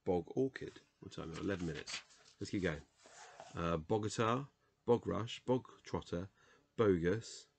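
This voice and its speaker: A man with a very low voice reads words aloud one by one, slowly and haltingly. He sounds tired late at night, and he mutters quiet asides and corrects himself as he goes. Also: creaky, slight background noise. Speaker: video host reading a dictionary aloud. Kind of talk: casual solo reading vlog.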